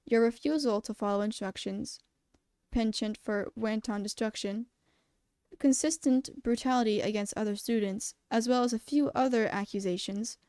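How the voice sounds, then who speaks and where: A woman reading aloud and voicing a calm, formal male animal school principal who speaks in measured, polite, precise sentences. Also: fairly high pitch, smooth, no echo, studio quality, lightly acted.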